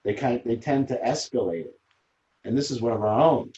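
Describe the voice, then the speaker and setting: A man's voice: medium pitch, animated, a little fast, warm tone, muffled recording. A man leading a recovery support group, talking earnestly and emphatically, often repeating phrases as he explains. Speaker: group leader.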